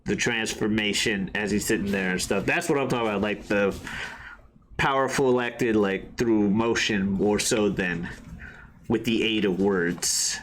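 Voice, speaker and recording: A man's voice: on the low side, measured pace, fairly bright tone, a little hiss or hum. A man in casual podcast chat, laid-back, laughing often and swearing. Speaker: podcast guest.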